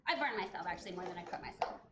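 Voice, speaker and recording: A woman's voice: on the low side, lively intonation, very fast, roomy sound, background noise. A woman in her late thirties chatting casually while cooking on a live stream, self-mocking and laughing often, teary from onions. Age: late 30s.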